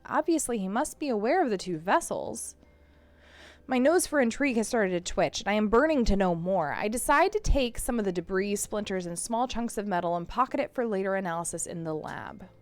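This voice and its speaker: A woman streamer reading a first-person story game aloud with expressive storytelling. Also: mid-range voice, brisk, no room sound.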